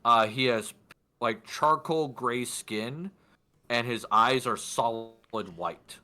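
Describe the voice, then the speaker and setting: Bright-toned, casual man game master. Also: medium pitch, slow. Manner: casual, rambling, muttering to himself. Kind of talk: narrating a tabletop game.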